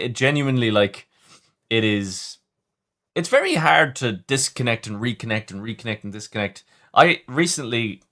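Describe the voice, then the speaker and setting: A man's voice: medium pitch, a bit bright. A man hosting a casual livestream, chatting with viewers in a rambling way, often stumbling and restarting. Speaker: livestream host reading chat.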